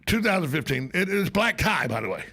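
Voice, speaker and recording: A man's voice: high-pitched, big pitch swings, quick pace, pushed and bright, slightly rough. A man hosting a talk radio show, telling jokes and stories in a casual, emphatic way. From United States. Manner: storytelling, joking, emphatic. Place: radio studio.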